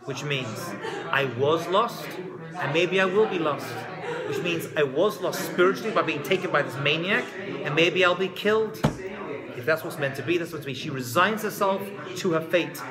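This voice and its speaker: A man giving a lively lecture that retells a biblical story, talking conversationally and dropping joking asides. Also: a little high, moderate pace, over a noisy crowd. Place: live talk before an audience. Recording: live talk with audible audience.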